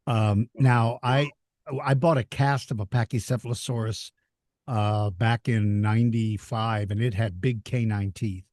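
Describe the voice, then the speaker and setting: A man telling lively stories as an interview guest, laughing easily and acting out excited children. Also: fairly low pitch, measured pace, dry recording. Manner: animated storyteller, laughs easily, voices excited kids. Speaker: interview guest, dinosaur educator. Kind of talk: storytelling in a casual interview.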